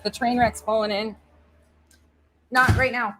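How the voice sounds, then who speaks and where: A woman's voice: a little high, steady tone, measured pace, a bit bright, slight background noise. A woman hosting a casual livestream chat, blunt and profane, laughing often as she talks to her chat. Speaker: livestream host.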